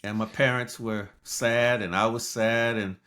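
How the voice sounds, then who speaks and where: A man's voice: medium pitch, fairly even intonation, measured pace, bright, forceful tone. A man in his sixties from Los Angeles, a guest telling his story in an interview and acting out quoted lines. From Los Angeles, United States. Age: 60s.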